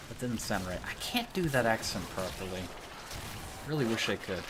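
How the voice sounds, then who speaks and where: Male streamer, casual chatter, rambling jokes, bright forceful tone, faint background hiss. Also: on the low side, expressive, moderate pace. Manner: rambling, joking, self-mocking.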